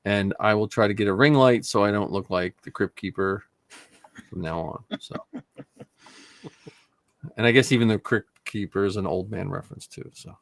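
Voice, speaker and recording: A man's voice: on the low side, moderate pace, vocal fry, long pauses, dry recording. A man hosting a podcast in casual chat, loose and self-deprecating, often trailing off mid-thought. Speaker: podcast host.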